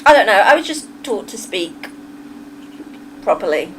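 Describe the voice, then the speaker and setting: A woman's voice: medium pitch, big pitch swings, a little slow, slight background noise, rough recording. A middle-aged woman with a Kentish English accent, chatting casually and with firm opinions to her livestream viewers. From England. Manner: chatty, opinionated, talks straight to chat.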